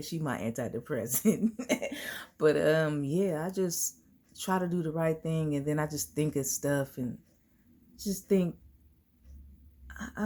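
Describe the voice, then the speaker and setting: A woman's voice: deep voice, a little mellow. A woman vlogging to her viewers in a casual, slangy, storytelling way, laughing often.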